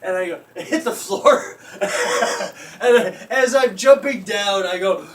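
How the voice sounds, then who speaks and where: A man's voice: sits high, slow pace, shouting. Young guy cracking himself up telling a story, cussing a lot, kinda far off the mic. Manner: laughs constantly, swears, acts out screams. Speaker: storyteller guest. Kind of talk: casual comedic storytelling. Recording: distant mic with faint background noise.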